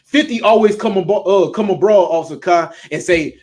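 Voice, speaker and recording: A man's voice: sits high, a little fast, a little mellow. A man with a Southern US accent preaching bluntly and emphatically, with frequent profanity. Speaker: street preacher. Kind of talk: preaching talk.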